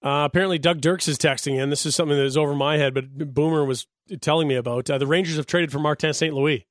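A man's voice: a little high, fast, no room sound, studio quality. Joking man hosting sports radio. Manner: joking, animated, laughs often. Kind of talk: sports talk radio chat. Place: radio studio. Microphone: studio microphone.

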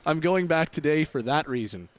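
A young man co-hosts a radio show, joking about himself in loose, casual chat. His voice is fairly high for a man, and a faint hiss sits behind it. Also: expressive, normal speed. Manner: self-deprecating, joking. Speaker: radio co-host.

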